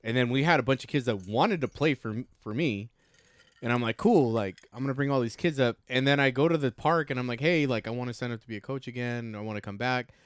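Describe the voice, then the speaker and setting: A man co-hosting a casual podcast, telling a profane, animated story about coaching youth baseball. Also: medium pitch, fast talker, dry recording, clean studio sound.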